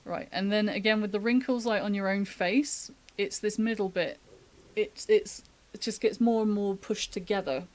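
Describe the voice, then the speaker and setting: A woman's voice: mid-range voice, fairly even intonation, moderate pace, hardly any pauses. A woman giving a casual live-streamed drawing tutorial, chatty and thinking aloud as she sketches, laughing often, from the UK. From United Kingdom. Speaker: artist giving a drawing demo.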